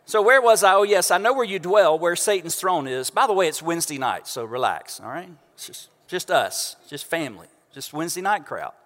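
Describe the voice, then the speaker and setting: A pastor preaching a sermon from a church stage into a microphone, conversational and joking with the congregation. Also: male voice, on the high side, animated, a little fast, few pauses, a bit bright. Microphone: stage microphone through house speakers. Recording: long church reverb.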